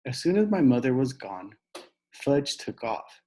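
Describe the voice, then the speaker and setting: Animated man reading a children's book, husky, pitch rising and falling a lot. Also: measured pace. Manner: animated storytelling with a boyish narrator's voice. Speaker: reader. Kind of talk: audiobook reading aloud.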